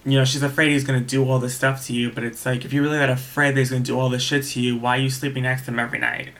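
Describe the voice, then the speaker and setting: Young guy ranting thru a storytime vlog, bright voice, keeps restarting sentences. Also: medium pitch, flat delivery, rapid-fire. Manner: rambling, with frequent restarts and asides; exasperated, venting. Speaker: vlogger. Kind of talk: casual storytime monologue.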